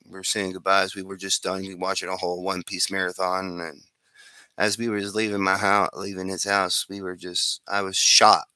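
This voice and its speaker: A man's voice: low-pitched, pushed and bright, smooth, no room sound. A man casually telling his own improvised fan story, rambling with restarts and asides.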